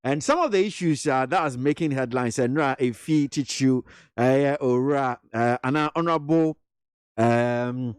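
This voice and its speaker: A Ghanaian man hosting a radio talk show in the studio, measured and steady as he reads through the day's headlines. His voice sits at an ordinary middle pitch, and the sound is close and dry with no room around it. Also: clean tone, no echo. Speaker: radio host.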